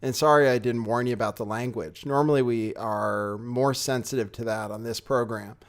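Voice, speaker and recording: A man's voice: mid-range voice, fairly even intonation, normal speed. A man hosting a casual commentary show, talking in a sardonic, rambling way with offhand asides. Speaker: host. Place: home studio, California.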